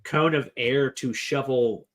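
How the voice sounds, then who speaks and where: A man's voice: medium pitch, slow pace. A man co-hosting a casual podcast, rambling with lots of fillers as he gushes about a book. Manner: rambling, filler-heavy enthusiasm. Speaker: podcast co-host. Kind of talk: casual chat.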